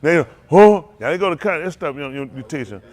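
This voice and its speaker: Animated preacher man telling stories. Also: a little high, fast talker. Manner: animated, laughing, repeats and restarts phrases. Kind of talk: loose storytelling sermon.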